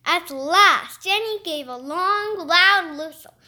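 A woman reading a children's story aloud in an expressive, lively way. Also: extremely high pitch, takes it slowly. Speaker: storybook reader.

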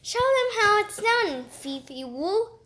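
A woman voicing a cheerful dog-obedience teacher who gives bright commands in a storybook reading. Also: extremely high pitch, very animated, slow pace, pitched above the performer's own voice, heavily acted. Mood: cheery.

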